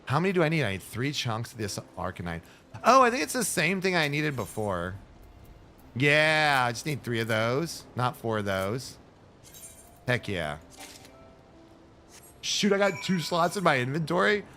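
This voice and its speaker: A man streaming a game, giving excitable, jokey running commentary in casual chat. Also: medium pitch, moderate pace, pauses often, soft background music.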